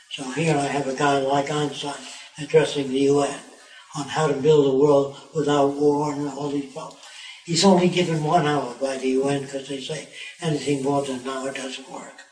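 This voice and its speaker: A man's voice: mid-range voice, a little hiss or hum. A man telling a long story in a conversational way, with restarts and retold scenes. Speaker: tour guide and speaker. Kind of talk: rambling spoken storytelling. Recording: roomy, distant mic, faint background.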